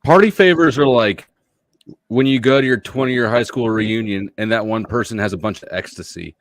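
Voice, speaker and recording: A man's voice: medium pitch, normal speed, dry recording. A man talking casually on a live panel, wry, teasing and blunt. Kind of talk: casual chat.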